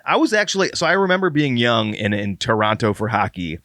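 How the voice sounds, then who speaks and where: A man with a mid-range voice that swings lively up and down, trading teasing jokes on a podcast. The sound is dry and close, with no room echo. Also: mid-range voice. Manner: quick-witted, teasing, laughs easily. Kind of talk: casual podcast banter.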